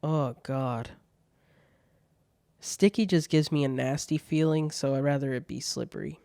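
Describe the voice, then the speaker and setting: A man's voice: on the high side, fairly even intonation, measured pace, creaky, mellow, dry recording. A man hosting his own show, reading out viewer questions and jokes in laid-back casual chat, swearing freely.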